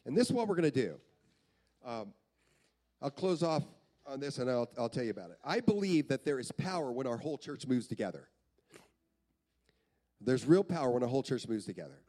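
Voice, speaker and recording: A pastor preaching a sermon in a church, earnest, repeating phrases for emphasis. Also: male voice, mid-range voice, big pitch swings, brisk, pauses often, dark tone.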